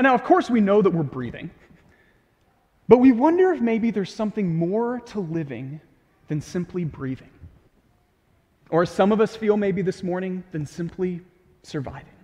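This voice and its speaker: A young adult man preaching a sermon as a pastor, earnest and animated, with asides to the congregation. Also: high-pitched. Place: church sanctuary. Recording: reverberant hall.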